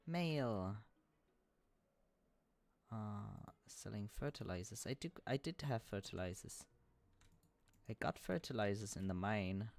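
A man talks his way through a game stream at an unhurried pace, his voice rough with a gravelly fry. He hums and chants small sing-song phrases about his chores, muttering playfully to himself in a relaxed, casual way. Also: lowish voice.

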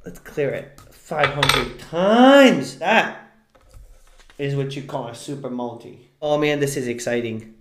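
Excitable man streaming in an echoey room. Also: mid-range voice, measured pace, slight background noise. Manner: excitable, yells at big wins. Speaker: scratch-off lottery streamer. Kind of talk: live-stream commentary.

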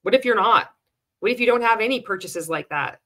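A woman's voice: fairly high pitch, animated, a little fast, sharp tone. A woman delivering sarcastic commentary on a clip she is watching. Her talk is blunt and full of swearing. She breaks into laughter between remarks. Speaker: commentator reacting to a sales pitch. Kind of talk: casual commentary.

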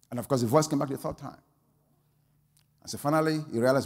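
A pastor preaching a sermon, telling a story that swings from quiet asides to loud exclamations. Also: male voice, a little high, lively intonation, fast talker, long pauses, in a large hall.

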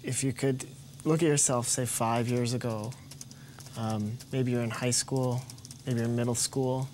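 A man's voice: mid-range voice, a little mellow, a little hiss or hum. A man interviewing for a documentary, asking casual, encouraging questions.

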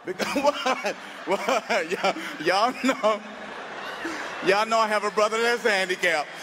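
A man doing stand-up comedy on a stage with a handheld mic, loud and animated, laughing at his own stories. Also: high-pitched, slow pace, noisy background.

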